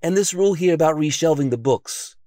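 A man's voice: fairly high pitch, a little fast, dark tone, dry recording, clean studio sound, pitched above the performer's own voice, close to an everyday voice. A man voicing a sensible, bookish male friend who patiently explains things. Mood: explaining.

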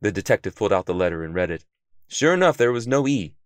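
Animated male storyteller, dry sound. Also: lowish voice, quick pace, no echo. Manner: expressive, animated reading. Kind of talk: children's story narration.

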